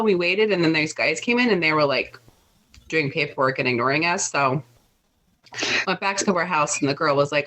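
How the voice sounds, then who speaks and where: A young woman co-hosting a casual podcast, telling a travel story with plenty of fillers and restarts. Her voice is bright and clear. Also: sits low, animated, a little fast, poor audio. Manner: chatty storyteller, lots of fillers. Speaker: podcast co-host. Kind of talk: casual chat.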